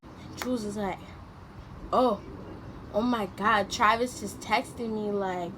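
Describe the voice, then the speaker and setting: A young woman telling a story to her vlog audience in casual slang, acting out what people said with sudden loud jumps in pitch. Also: steady tone, slow pace. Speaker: vlogger. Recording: noticeable background noise.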